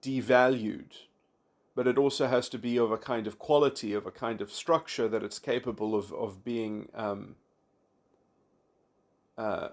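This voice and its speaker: A man giving an unscripted philosophical monologue, reflective and abstract, with frequent restarts, repeated words and fillers. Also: on the low side. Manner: halting, many restarts and fillers. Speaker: philosophy commentator.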